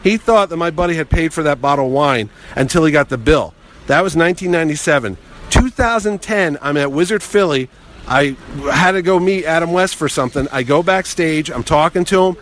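Lively man spinning an anecdote. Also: fairly high pitch, brisk. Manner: animated, acts out other people's voices. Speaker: guest telling stories. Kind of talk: casual anecdote.

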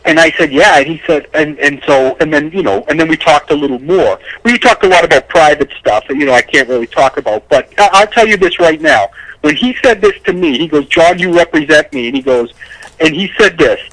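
Excitable high-voiced man rambling. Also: brisk, no echo, rough recording. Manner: rambling, repeats words, gets emotional. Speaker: podcast co-host, agent. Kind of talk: casual chat.

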